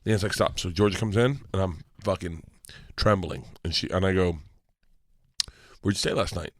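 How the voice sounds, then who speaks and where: A man telling a story as a guest on a talk show, excitable and swearing, acting out the dialogue. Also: deep voice, normal speed, dry recording, clean studio sound. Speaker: guest comedian. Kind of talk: animated storytelling.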